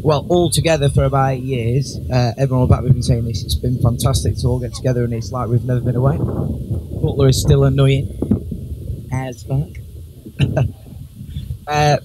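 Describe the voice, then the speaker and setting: A man giving a best man's speech at a wedding reception, joking and teasing the guests with lots of pauses and ums. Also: mid-range voice, steady tone. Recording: clear background noise.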